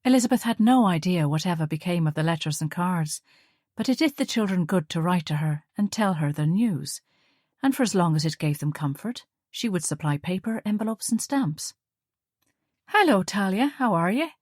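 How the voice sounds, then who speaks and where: Low-voiced woman narrating an audiobook. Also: lively intonation, brisk, darkish tone, no echo, clean studio sound. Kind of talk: scripted narration.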